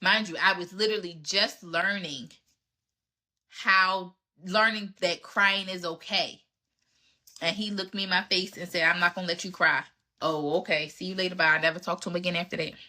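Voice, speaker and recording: A woman in her thirties, her voice fairly low, steady, bright and forceful, speaks at a moderate pace. Hosting a podcast, she answers relationship questions with candid, emphatic advice in casual talk, acting out her exchanges with past dates.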